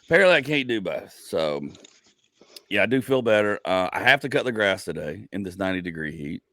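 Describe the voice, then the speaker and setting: A man's voice: on the low side, lively intonation, fairly quick, a bit bright, no room sound, clean studio sound. A man in his forties hosting a casual comedy podcast, telling rambling stories full of "like" and acted-out asides. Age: 40s. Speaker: podcast host.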